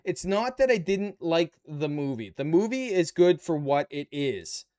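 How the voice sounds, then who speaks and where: A man's voice: a little high, lively intonation, measured pace, darkish tone. A Canadian man with a Canadian accent, casually chatting and bantering with his viewers while building a model kit on a live stream. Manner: chatty, playful banter with chat.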